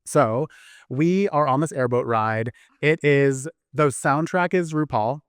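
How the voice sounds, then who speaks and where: A man telling a long story in casual podcast chat, animated and chatty with frequent restarts. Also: mid-range voice, slow, clear, resonant tone, dry recording, clean studio sound.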